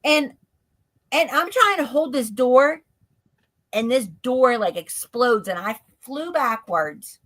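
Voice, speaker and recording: Lady guest on a stream telling a story, rushes along, says like a lot, higher voice. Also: animated, a bit bright. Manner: breathless run-on telling, heavy use of "like". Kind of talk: storytelling in an interview. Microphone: stream call mic.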